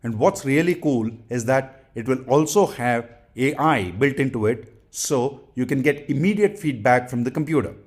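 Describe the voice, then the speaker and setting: A man teaching English pronunciation, saying each practice word twice in a deliberate, instructional way. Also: medium pitch, expressive. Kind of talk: slow instructional drilling.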